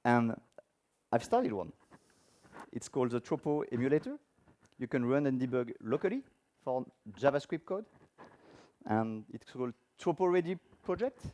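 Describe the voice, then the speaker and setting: A man's voice: mid-range voice, big pitch swings, moderate pace, long pauses, warm tone. A man giving a technical conference talk with a live demo, speaking informally and asking the audience questions. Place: conference room before an audience.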